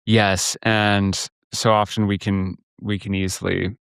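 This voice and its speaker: A man's voice: on the low side, little pitch movement, a little slow, gravelly, fairly bright tone, clear, resonant tone, no echo, studio quality. A man hosting a recovery podcast, reflective and affirming as he talks about his own struggles. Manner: reflective and affirming, frequent agreement sounds. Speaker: podcast host, recovery coach. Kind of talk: casual podcast conversation.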